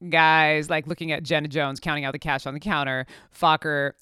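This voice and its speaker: A woman's voice: sits low, fairly even intonation, fast talker, fairly bright tone, clear, resonant tone, no room sound, studio quality. A woman telling a workplace story in a casual, rambling way, full of fillers and wry asides.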